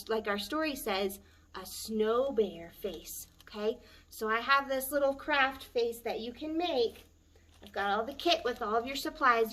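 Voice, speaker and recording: A woman, a children's librarian, reading a picture book aloud at story time with a gentle, expressive manner. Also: on the high side.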